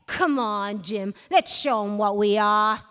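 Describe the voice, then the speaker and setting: A woman voicing a thin, rough man who sneers scornfully, read live on stage. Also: medium pitch, slow pace, fairly bright tone. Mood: sneering. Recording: long hall reverb, live stage.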